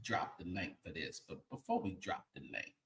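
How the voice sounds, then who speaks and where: A man hosting a commentary show, talking in a sassy, animated way with sighs and laughing asides. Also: low voice, normal speed, gravelly, roomy sound. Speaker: show host.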